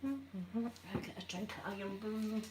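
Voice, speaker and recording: A Scottish woman chats softly at home, rambling and teasing herself in a casual ASMR video. Her voice sits at an ordinary middle pitch. A clear wash of background noise runs under everything. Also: normal speed. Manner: chatty, rambling, self-deprecating. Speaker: ASMR YouTuber. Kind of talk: casual soft-spoken chat. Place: at home while ironing.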